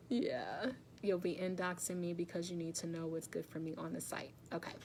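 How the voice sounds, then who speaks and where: A woman with a slightly low voice hosts a casual live stream, talking straight to her camera. She chats easily, laughs often and greets commenters by name. A faint low rumble hums under the recording. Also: flat delivery, normal speed, a little mellow. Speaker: wellness livestream host. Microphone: phone or webcam facing her.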